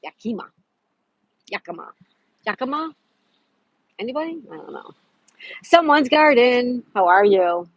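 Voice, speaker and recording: A woman's voice: a little high, sing-song, measured pace, long pauses, dry recording. A woman hosting a casual livestream from outdoors in a park, chatting to viewers, greeting them by name and reading trivia questions aloud. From Florida. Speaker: livestream host.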